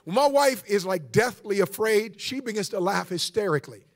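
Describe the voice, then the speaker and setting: A male preacher with a very high, gravelly voice delivers a sermon as the guest pastor. He tells his stories with animation and keeps calling on the congregation to answer back. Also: normal speed. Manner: animated storytelling preacher, calls for audience response.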